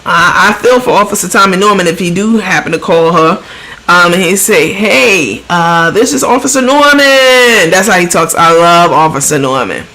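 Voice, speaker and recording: A woman hosts a casual gossip show with a bright, forceful voice. She is blunt and profane, mocking the people she discusses and slipping into imitations of them. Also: lowish voice, fairly quick, low-quality recording. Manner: mimics the people she talks about. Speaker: show host.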